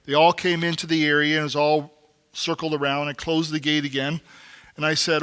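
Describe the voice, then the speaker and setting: Man, middle-aged, high bright voice, folksy storytelling to men, long hall reverb. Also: level tone, a little fast, clean tone. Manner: folksy, acts out quotes, rises to emphatic exhortation. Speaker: men's retreat speaker. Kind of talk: storytelling talk to a men's group.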